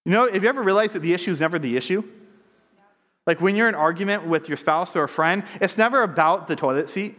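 A pastor with a high, fairly bright voice preaches quickly, reading scripture aloud and then unpacking it with conversational asides and rhetorical questions. The recording carries a long hall reverb.

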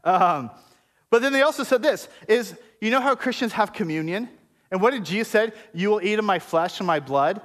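A male pastor delivers a sermon in a relaxed, conversational way, slipping in jokes and playful asides to the congregation. His speaking voice sits notably high for a man. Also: moderate pace. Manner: conversational, joking preacher with asides. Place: church service before a congregation.

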